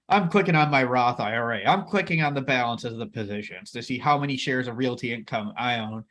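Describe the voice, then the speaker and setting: A man's voice: medium pitch, brisk, hardly any pauses, a bit bright. A man co-hosting a casual investing chat, enthusiastic and talking straight to viewers. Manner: enthusiastic, addresses viewers as everybody. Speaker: co-host.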